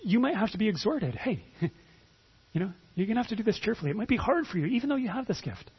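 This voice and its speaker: A man preaches in a relaxed, conversational way, often stumbling over repeated words as he begins a thought. His voice sits high for a man and sounds very husky. The recording is dull and lo-fi. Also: quick pace. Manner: conversational, repeats words when starting phrases. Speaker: pastor. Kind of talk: sermon.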